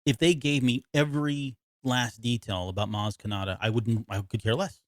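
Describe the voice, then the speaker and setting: A man's voice: mid-range voice, fairly even intonation, moderate pace, no room sound, studio quality. A man co-hosting a podcast in casual chat, rambling and self-interrupting, often laughing. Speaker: podcast co-host.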